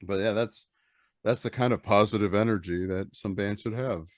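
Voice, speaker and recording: A man chats on a casual podcast, upbeat and joking, with some swearing. His voice sits a little low. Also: normal speed.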